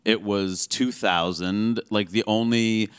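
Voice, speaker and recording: American comedian dude in his 30s, quick animated chatter, lots of likes, bit low. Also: clean tone. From United States. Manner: quick, animated, self-mocking, lots of "like" and "you know". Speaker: stand-up comedian, guest. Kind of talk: casual interview talk.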